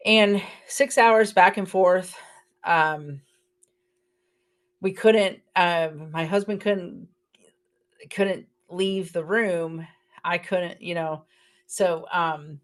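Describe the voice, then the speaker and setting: A middle-aged woman, a podcast guest, earnestly retelling a personal story and quoting the people in it. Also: fairly low pitch. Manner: emotional, earnest retelling with quoted dialogue.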